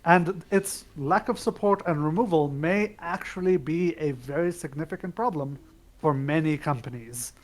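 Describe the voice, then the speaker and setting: Male podcast co-host, fairly high voice, dry wry delivery of news items. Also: moderate pace. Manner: wry, opinionated, relaxed news rundown. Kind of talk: casual news chat.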